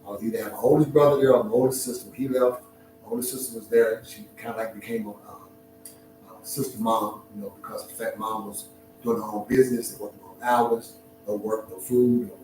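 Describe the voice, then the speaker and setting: A middle-aged man streaming live and telling a heartfelt personal story in an emotional, reflective way, often pausing and restarting his sentences. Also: lowish voice, steady tone. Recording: very echoey room, distant mic, music behind.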